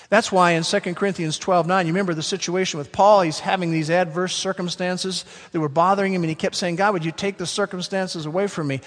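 A man preaching a sermon as pastor, emphatic, slowing down to stress key words. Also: sits high, a bit bright. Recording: long hall reverb.

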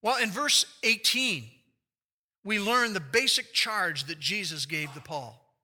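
A man's voice: sits high, lively intonation, takes it slowly. A man preaching an expository sermon, explaining scripture and putting rhetorical questions to his listeners. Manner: acts out quoted speech with big shifts in loudness. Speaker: pastor.

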